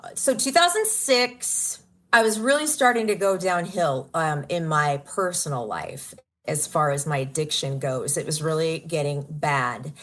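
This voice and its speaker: Her low, animated voice is a bit bright and unhurried as she, a radio personality guesting on a podcast, earnestly shares her story in an interview. Emotion runs through it, punctuated by laughter and exclamations.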